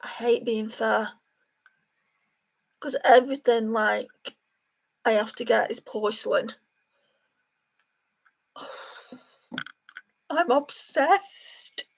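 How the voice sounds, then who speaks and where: A woman's voice: a little high, little pitch movement, takes it slowly, gravelly, long pauses. Chatty woman doing a makeup livestream. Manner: chatty, talks to viewers by name. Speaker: beauty livestream host. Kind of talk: casual makeup livestream chat.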